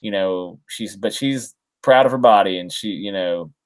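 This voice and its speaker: This comics podcast co-host is a man with a lowish, clear, resonant voice at a moderate pace. In casual chat he recaps a story, rambling with lots of fillers, ums, and restarts.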